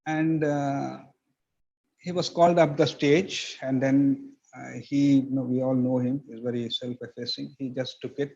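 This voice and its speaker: A man's voice: mid-range voice, fairly even intonation, unhurried, creaky, dark tone, muffled recording. A man giving an earnest, explanatory motivational lecture to students as a guest speaker, with a story woven in. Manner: earnest, explanatory, tells anecdotes.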